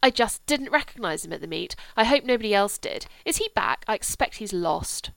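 A woman voicing a blunt, lively young girl who talks eagerly and exclaims a lot. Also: mid-range voice, a little fast, gravelly, dry recording. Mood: excited.

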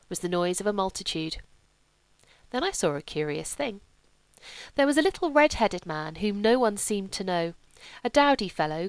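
A woman reading a novel aloud as a measured, literary audiobook narration. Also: mid-range voice, clear, resonant tone, no echo. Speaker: audiobook reader. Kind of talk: scripted narration.

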